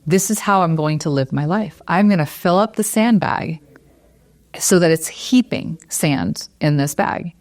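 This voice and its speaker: A woman's voice: fairly low pitch, measured pace, no room sound. A middle-aged woman, a real estate broker, earnestly telling a personal story in an interview and growing teary as she goes. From Las Vegas area. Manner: earnest, animated, retells dialogue. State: teary, near crying.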